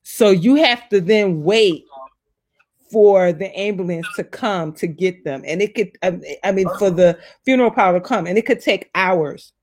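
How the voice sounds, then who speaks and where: A woman in her forties telling personal stories in a casual, heartfelt conversation, acting out what people said with big pitch jumps. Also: moderate pace, slight background noise. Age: 40s. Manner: animated storyteller, acts out voices with big pitch jumps.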